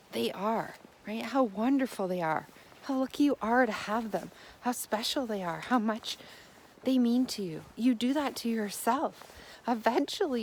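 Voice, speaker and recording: A fairly high-voiced woman delivers a motivational self-help monologue. Her tone is gentle and encouraging, and she circles back to the same phrases again and again. Faint noise sits under the voice.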